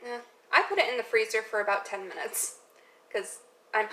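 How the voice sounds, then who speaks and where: This cooking vlogger has a mid-range, sharp voice with lively intonation, speaking fairly quickly but with long pauses. A young woman in her home kitchen, she rambles through a recipe with self-mocking asides, and the audio is noisy.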